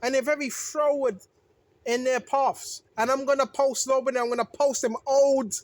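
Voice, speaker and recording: The recording is dry, and the voice is high with fairly even intonation and a moderate pace. A religious video maker preaches informally, repeating phrases for emphasis, restarting sentences as they self-correct, and often asking "right?"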